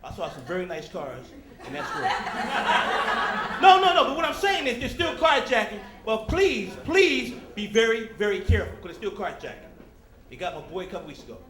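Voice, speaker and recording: A man doing a stand-up comedy set, animated, talking straight to the crowd and slipping into loud character voices. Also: high voice, moderate pace, echoey room, a little hiss or hum. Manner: talks directly to the crowd. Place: comedy club stage.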